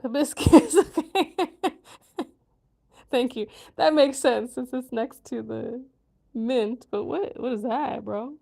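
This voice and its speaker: A woman with a high voice talks slowly and casually on her vlog. She giggles a lot, tries new words aloud and mutters half to herself as she works them out. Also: creaky, mellow. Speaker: vlogger learning a language.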